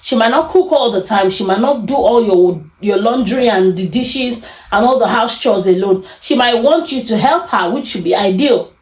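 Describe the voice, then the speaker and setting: A woman's voice: a little high, moderate pace. A young adult woman hosting a podcast, giving casual relationship advice and acting out quoted arguments. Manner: animated, acts out quoted arguments. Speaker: podcast host. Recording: echoey room.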